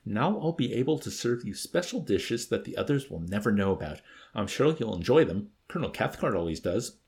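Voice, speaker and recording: A man's voice: on the low side, very animated, a little fast, a little mellow. A man doing an ingratiating, scheming mess officer. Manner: ingratiating, salesman-like.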